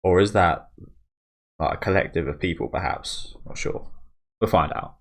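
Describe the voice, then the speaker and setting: A man's voice: deep voice, moderate pace. A man hosting a casual manga reading, commenting freely and swearing often. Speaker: manga reaction host.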